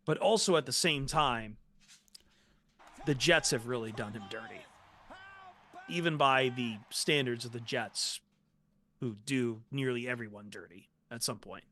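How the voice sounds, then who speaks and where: A man's voice: mid-range voice, a little slow, pauses often, sharp tone, slight background noise. A man co-hosting a sports podcast, chatting casually and giving opinionated takes. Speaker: podcast co-host.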